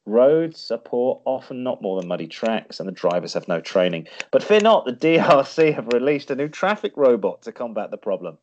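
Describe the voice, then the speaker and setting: A man leads a casual podcast quiz, his voice swinging widely in pitch as he jokes and trips over his own answers. The recording sounds dull and lo-fi. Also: sing-song, moderate pace, hardly any pauses, darkish tone. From Ireland. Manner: jokey, self-correcting quizmaster. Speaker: podcast co-host running a quiz. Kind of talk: casual chat. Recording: dull lo-fi audio.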